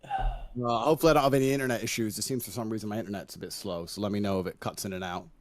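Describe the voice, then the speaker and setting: A man's voice: fairly low pitch, racing, slight background noise. A middle-aged man from the United Kingdom with a mixed British and American accent, an assertive and mocking debate guest speaking over a video call. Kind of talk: heated stream debate.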